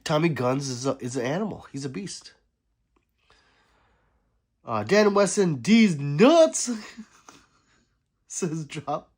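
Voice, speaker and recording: Chatty man reading livestream chat, lively pitch. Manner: reads viewer comments aloud, laughs, sarcastic asides. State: sick.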